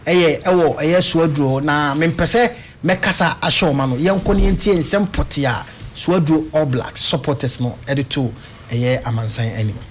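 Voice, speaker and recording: A man's voice: fairly high pitch, normal speed, a little hiss or hum. A man hosting a sports talk show, speaking conversationally with fillers. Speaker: radio sports host.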